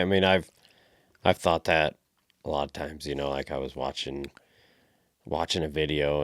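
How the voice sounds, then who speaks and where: Very deep-voiced reflective man. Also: dry recording, clean studio sound. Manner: reflective, rambling. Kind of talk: casual chat.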